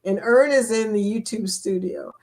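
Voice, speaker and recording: A chatty woman hosts a relaxed live stream, talking straight to her viewers. She reads comments aloud and laughs easily between thoughts. Her voice sits at an ordinary middle pitch. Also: normal speed. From England. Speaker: livestream host. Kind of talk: casual live chat.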